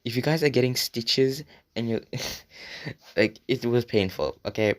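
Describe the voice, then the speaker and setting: A man's voice: medium pitch, a little slow. A young man telling a story from his childhood in a rambling, profane way, full of filler words and talking straight to his viewers. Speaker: vlogger. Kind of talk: casual storytime monologue.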